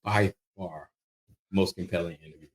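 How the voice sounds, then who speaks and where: A middle-aged man, a veteran and media producer, telling a lively story as a podcast guest, often restarting his sentences as he goes. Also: low-pitched, normal speed. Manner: animated, lively anecdote telling with frequent restarts. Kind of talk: casual storytelling in an interview.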